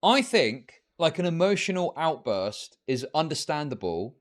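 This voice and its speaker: A man's voice: fairly high pitch, sing-song, unhurried. A man giving scornful, rambling commentary on a live stream.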